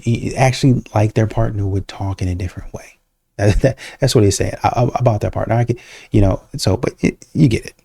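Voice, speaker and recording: A man's voice: on the low side, warm tone, no echo. A young man hosting a reaction video, rambling through argumentative rebuttals in casual commentary. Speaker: host reacting to clips.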